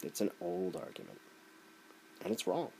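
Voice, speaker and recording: A man's voice: deep voice, wildly swooping pitch, moderate pace, creaky, warm tone, breathy edge. A man delivering a sarcastic, ranting opinion commentary. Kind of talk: opinion rant video.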